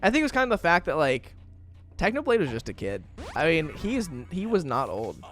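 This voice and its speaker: A gaming YouTuber in his twenties chats casually during a let's-play, rambling through stories with lots of fillers. His fairly high, a-bit-bright voice swings hugely in pitch and runs a little fast, with soft music in the background.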